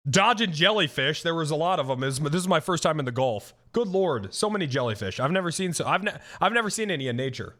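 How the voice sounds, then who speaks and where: A man's voice: on the high side, fast talker, few pauses. A young man streaming casual reaction commentary, ranting and swearing with many restarts. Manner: animated, profane, ranting with frequent restarts.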